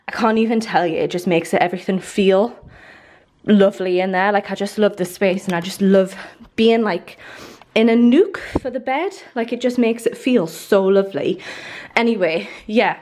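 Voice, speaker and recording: In a casual lifestyle vlog, a twenty-something woman wanders her half-unpacked new house talking to the camera. Her mid-pitched, slightly mellow voice rambles along, padded with "like" and small restarts.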